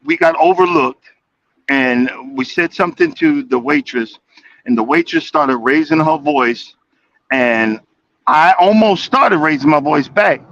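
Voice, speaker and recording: A man with a high voice calls in from the cab of his truck for a casual chat. He stammers through restarts and laughs easily. The sound is dry and close. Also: measured pace, a bit bright, no room sound, dull audio. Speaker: caller.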